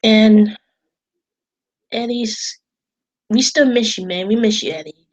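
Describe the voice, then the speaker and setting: A woman's voice: medium pitch, slow pace, pauses often, poor audio. Rambling, emotional woman vlogger. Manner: rambling, emotional, repeats herself, swears. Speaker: wrestling vlogger. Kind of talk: casual vlog talk. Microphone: on camera.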